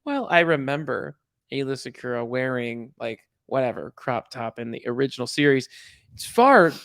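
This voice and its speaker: A man's voice: mid-range voice, animated, normal speed, gravelly, fairly bright tone, no room sound, studio quality. A man co-hosting a podcast in casual chat, rambling and hesitant, often correcting himself. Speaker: podcast co-host.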